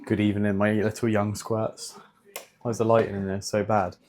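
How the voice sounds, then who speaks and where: A man's voice: fairly low pitch, little pitch movement, moderate pace, noisy background. A young man in casual vlog chat, rambling with many fillers and swearing, a fitness vlogger.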